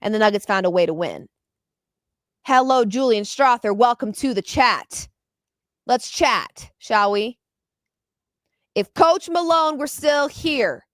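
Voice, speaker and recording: A woman hosting a postgame basketball show, pouring emotion into her takes and doubling up words when excited. Her voice sits in a middle register, recorded dry and close. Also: mid-range voice, no echo. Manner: passionate, openly emotional. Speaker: podcast host.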